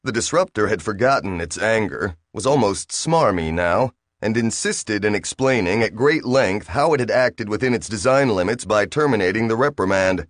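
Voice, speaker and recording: Male audiobook narrator, low, steady read, dry close sound. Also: normal speed, hardly any pauses, no echo. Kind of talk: scripted narration.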